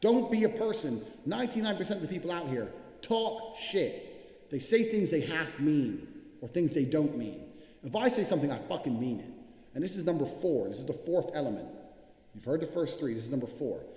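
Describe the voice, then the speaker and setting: Here a motivational speaker talks at normal speed in a voice that's high-leaning, very animated and a little mellow. His message is profane and blunt, pounded in by repetition, and the hall echoes with long reverb.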